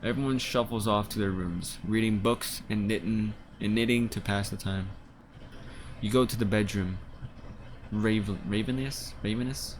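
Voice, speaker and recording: Lower-voiced guy narrating a story game, casual, swears a lot. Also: fairly even intonation, normal speed, noisy background. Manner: casual, swears, stammering restarts. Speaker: gamer playing a story game. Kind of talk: reading game text aloud with casual commentary.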